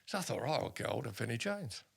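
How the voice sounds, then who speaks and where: A man in his sixties from the United Kingdom, an army veteran telling stories in an interview, animated and full of restarts. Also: medium pitch, fast, gravelly, breathy edge. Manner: animated anecdotes with many restarts and voiced quotes. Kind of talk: casual storytelling interview.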